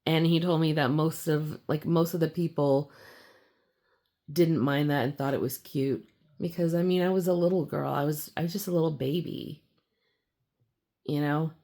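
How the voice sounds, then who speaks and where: A young woman talking in a casual personal vlog, giggly and halting, full of fillers and restarts. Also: fairly even intonation, mellow. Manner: slips into a squealing high voice when acting out her younger self. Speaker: vlogger.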